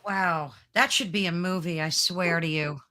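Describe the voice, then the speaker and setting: A woman's voice: on the low side, moderate pace, sharp tone. A woman hosting an interview, asking curious questions with enthusiasm. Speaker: podcast host. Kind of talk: interview conversation.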